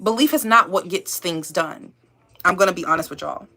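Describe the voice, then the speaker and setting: A woman's voice: fairly low pitch, normal speed, pushed and bright. A woman YouTuber giving an emphatic, repetitive motivational pep talk to her viewers, calling them y'all and babe.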